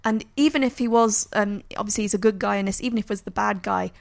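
A woman's voice: medium pitch, fast talker, creaky. A woman co-hosting a podcast, earnestly talking through a film in casual chat. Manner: analytical, earnest. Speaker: podcast co-host.

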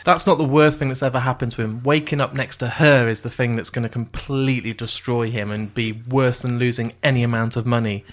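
A man co-hosting a podcast, jokey and quick to laugh as he rants. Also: medium pitch, steady tone. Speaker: podcast co-host. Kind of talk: casual chat.

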